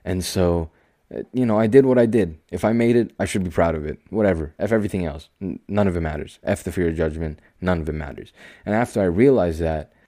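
A young man hosting his own podcast, talking calmly and slowly in a rambling, self-deprecating way. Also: sits low, no echo, clean studio sound. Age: young adult. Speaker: podcast host. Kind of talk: casual solo podcast monologue.

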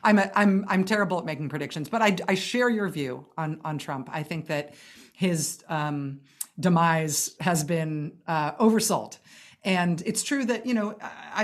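A woman chatting casually about politics, wry and self-deprecating, with frequent laughter. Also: low-pitched. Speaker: political commentator.

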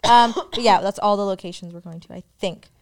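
A woman's voice: mid-range voice, fairly quick, crowd noise. A young woman co-hosting a podcast, chatting casually and upbeat as she lists plans. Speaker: podcast co-host. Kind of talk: casual chat.

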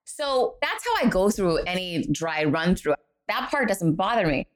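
Middle-aged woman guest telling a story, a bit low voice, acts out the other people. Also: a little slow. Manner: animated, acts out quoted voices. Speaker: guest, author and speaker. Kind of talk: storytelling in a podcast interview.

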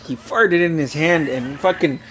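A young man telling a family story in casual chat, swearing freely and bursting into loud acted-out quotes and laughter. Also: fairly high pitch, unhurried, slight background noise. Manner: animated storyteller, swears a lot, acts out quotes loudly with laughter.

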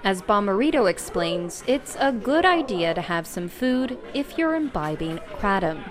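A woman's voice: medium pitch, very animated. Woman news reporter over music. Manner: scripted, measured.

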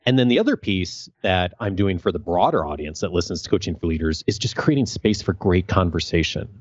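A man's voice: low-pitched, expressive, fairly quick. A man who coaches leaders, a guest in a podcast interview, speaking earnestly and thoughtfully. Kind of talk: casual interview. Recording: dull, dry sound.

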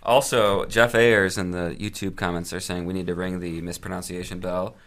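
A man's voice: sits low, flat delivery, normal speed, a bit bright. A man co-hosting a casual sports chat, laughing often and dropping short dry quips. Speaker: podcast co-host.

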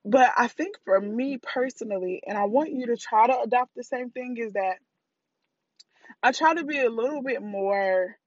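A woman's voice: a little high, moderate pace, dry recording, highs cut off. Candid, slangy woman podcaster. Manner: candid, animated, laughs at own jokes; slangy, speaks straight to listeners. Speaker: podcast host. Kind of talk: casual solo podcast talk.

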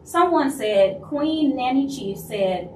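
A woman from Louisiana with a Louisiana Southern accent, hosting a live stream in casual talk and acting out other people's lines in quick asides. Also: high voice, animated, a little mellow, a little hiss or hum. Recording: roomy echo, voice from a distance, faint ambience.

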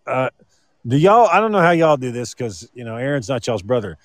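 A man's voice: medium pitch, brisk, no room sound. Man, mid voice, swings a lot, profane storyteller, dry recording. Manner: swearing, lively storytelling. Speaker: podcast co-host. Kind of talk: casual chat.

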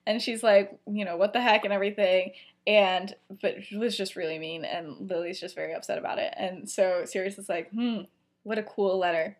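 A woman's voice: medium pitch, steady tone, a little fast. A young woman co-hosting a podcast, casually retelling a fan story in a rambling way, full of "like" and "you know", acting out the characters' lines as she goes. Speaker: podcast co-host.

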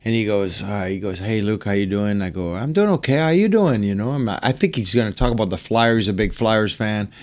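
A man's voice: fairly quick, hardly any pauses. A man guest on a podcast, telling a story and acting out the quotes in different voices. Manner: acts out quotes, swings higher when excited. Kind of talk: animated storytelling.

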